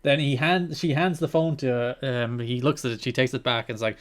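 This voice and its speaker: A man co-hosting a podcast in casual chat, recapping events with dry, deadpan asides. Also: medium pitch, fairly quick. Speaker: podcast co-host.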